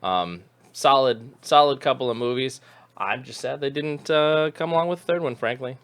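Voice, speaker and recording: A middle-aged man co-hosts a podcast live stream, chatting casually about old movies. His medium-pitched voice is smooth and fairly bright at a normal speed, and he rambles, chuckles and corrects himself as he goes.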